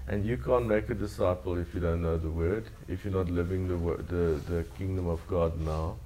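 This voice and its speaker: A man with a very low voice delivering a sermon. His preaching is earnest and leans on repeated phrases. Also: steady tone, moderate pace, dark tone, a little hiss or hum. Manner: earnest, repetitive preaching cadence. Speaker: pastor.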